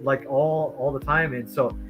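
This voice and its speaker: A man's voice: medium pitch, a little slow, over music, rough recording. A man from Michigan telling stories casually on a live stream, acting out the voices of the people he quotes. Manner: animated, acts out quoted voices. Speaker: streamer and comic artist.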